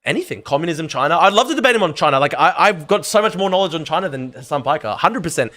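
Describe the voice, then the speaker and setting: An Australian man in a casual live debate, his words tumbling out in rapid, restart-filled bursts. His pitch sits a touch high and swings widely as he talks. He keeps going at a brisk clip. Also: animated, pushed and bright. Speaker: guest debater.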